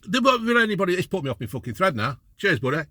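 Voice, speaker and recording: A man's voice: sits high, very animated, very fast, pushed and bright, no echo. Sweary man ranting in a car. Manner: blunt, heavy swearing, exasperated. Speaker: vlogger. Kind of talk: ranting to camera. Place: parked car in a car park.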